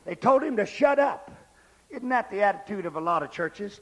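High-voiced shouting preacher man. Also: normal speed. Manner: shouting preacher, swings from loud climaxes to low asides. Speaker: pastor. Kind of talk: revival sermon.

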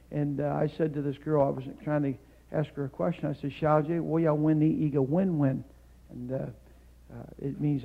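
A male guest preacher and missionary giving a Pentecostal sermon in a church, climbing to shouted peaks, then dropping into calm storytelling, with "amen" and "hallelujah" scattered throughout. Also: medium pitch, creaky, narrow, tinny audio. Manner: fills pauses with "amen" and "hallelujah". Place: church sanctuary.

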